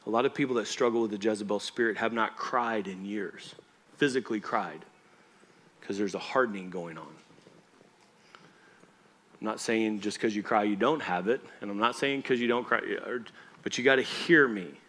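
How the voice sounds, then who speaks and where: A man's voice: fairly low pitch, moderate pace, fairly bright tone. A man preaching a church sermon, talking to the congregation in a conversational, emphatic way and often checking that they follow. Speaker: pastor.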